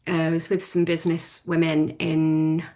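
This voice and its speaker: A woman's voice: sits low, completely flat delivery, normal speed, mellow. A woman in her forties, chatting as an interview guest, laughing often and restarting her sentences. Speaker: podcast guest, business owner. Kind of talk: casual interview chat.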